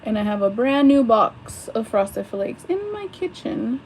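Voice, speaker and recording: A young woman talks slowly and loosely to her chat while she does her makeup at a vanity. She rambles and swears now and then. A faint air-conditioner hum runs underneath. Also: a little high, big pitch swings, darkish tone, low-quality recording. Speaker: livestreamer. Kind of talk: casual livestream chat while doing makeup. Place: home, at a vanity mirror.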